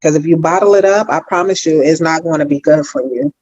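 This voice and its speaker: A woman's voice: low-pitched, fast, darkish tone. Earnest, insistent woman coach, lo-fi audio. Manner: earnest, insistent, repeats advice. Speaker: growth mindset coach. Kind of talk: supportive coaching advice.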